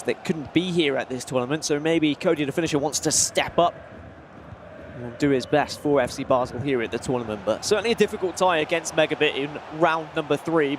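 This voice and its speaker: A man with a high voice gives color commentary on an esports football match. He talks in a chatty, analytical way about tactics and players. Faint noise runs under the recording.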